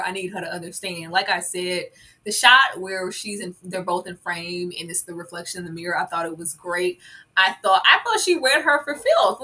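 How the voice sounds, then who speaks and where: A woman on a live recap panel, very expressive and swinging between loud and soft, speaking. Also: fairly low pitch. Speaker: co-host panelist. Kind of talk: live show recap discussion.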